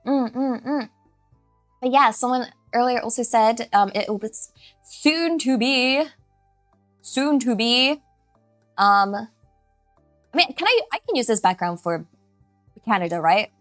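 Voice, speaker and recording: Giggly, scattered woman streamer, bright voice. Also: a little high, lively intonation, unhurried, long pauses, dry recording, faint music behind. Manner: giggly, scattered, self-deprecating, many restarts. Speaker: streamer, virtual avatar host. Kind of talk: casual live-stream chat.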